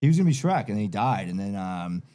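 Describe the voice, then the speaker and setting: Mellow-voiced man in casual banter. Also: lowish voice, big pitch swings, fast talker. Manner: laid-back, profane banter. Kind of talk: casual chat.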